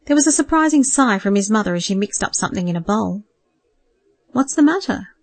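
Woman reading a novel aloud, calm and measured, mid pitch, super dry close mic. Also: no echo. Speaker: audiobook narrator. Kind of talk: scripted narration.

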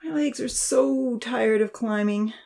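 A woman's voice: on the high side, takes it slowly, vocal fry, dark tone, pitched above the performer's own voice. A woman voicing a timid little girl who whines and pleads in a storybook reading. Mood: whiny pleading.

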